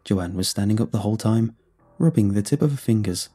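A man narrating a first-person horror story in a measured storytelling manner. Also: on the low side, lively intonation, warm tone, husky. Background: faint music.

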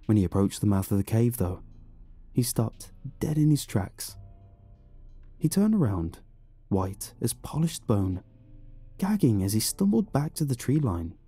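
A man narrating a horror story in an expressive, dramatic reading. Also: on the low side, measured pace, long pauses, slightly rough, no echo. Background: faint music.

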